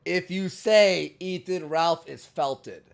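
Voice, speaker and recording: A man's voice: high voice, slow, vocal fry. A man hosting a podcast in casual chat, coaxing and pleading with his guest and laughing often. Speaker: podcast host.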